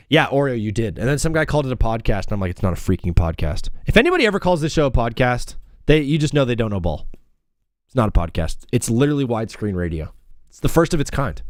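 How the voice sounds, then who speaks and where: A man's voice: medium pitch, no room sound, clean studio sound. A man hosting a casual live sports talk show, rambling and jokey, often stopping and restarting his sentences. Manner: animated, rambling, self-interrupting, jokey.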